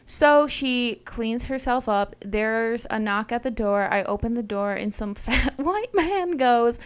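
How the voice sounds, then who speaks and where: A woman's voice: on the high side, expressive, slow pace, few pauses, clean tone. A young adult woman, a podcast host, telling a wild story in a brash, profane, punchy way. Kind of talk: casual storytelling, retelling a wild night.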